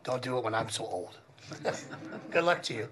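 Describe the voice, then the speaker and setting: A man serving as commissioner, speaking in halting, rambling farewell remarks at a public meeting. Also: mid-range voice, lively intonation, fairly bright tone. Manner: halting, rambling, many restarts.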